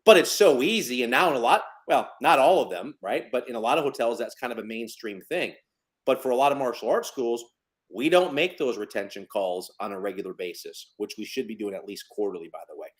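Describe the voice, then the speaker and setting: A man's voice: medium pitch, brisk. A man in his fifties co-hosting a podcast, talking casually about running a business and telling stories. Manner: lively storyteller, acts out phone calls in quotes. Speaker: podcast co-host. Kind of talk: casual business advice talk.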